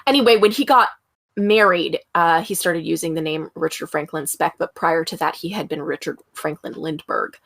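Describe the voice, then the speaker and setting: A woman hosting a casual true-crime podcast, talking in a chatty, profane way full of ums. Her voice sits a little low, and the recording is dry and close. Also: moderate pace, vocal fry, a bit bright, no echo. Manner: chatty, profane, laughing asides, many ums. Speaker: podcast host.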